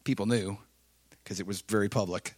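A middle-aged man preaching, telling a personal story with swings between loud intensity and quiet confession. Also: fairly low pitch, steady tone, brisk. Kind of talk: sermon storytelling.

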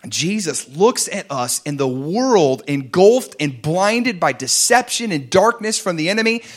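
A man preaching a sermon to a congregation, fervent and animated, dropping at times to soft, intimate tones. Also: high-pitched, a little slow. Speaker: pastor.

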